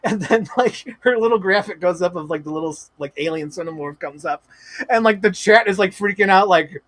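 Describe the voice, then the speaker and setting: An excitable man streaming to his chat, gushing and swearing as he rambles on with "like" after "like". His voice sits a bit high, and the sound is close and dry, with no room around it. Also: brisk, no echo. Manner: gushing, profane, rambling with many "like" fillers. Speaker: livestream host. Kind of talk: excited casual livestream chat.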